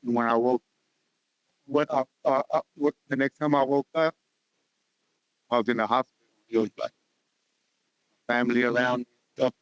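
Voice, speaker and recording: Smooth-voiced man telling his story. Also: mid-range voice, steady tone, no echo, lo-fi sound. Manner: halting, repeats words, earnest storytelling. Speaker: guest sharing testimony. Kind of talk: personal testimony in conversation. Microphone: podcast studio mic.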